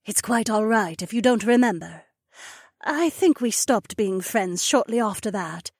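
A man voicing a poised young she-wolf duchess in an audiobook, gentle and reminiscing. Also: high-pitched, expressive, a little slow, slightly rough, no room sound, studio quality, pitched above the performer's own voice, full character voice. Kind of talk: audiobook character voice.

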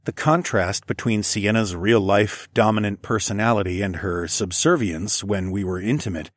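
A man narrating a first-person story in a low, measured, intimate way. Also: husky, no room sound, clean studio sound.

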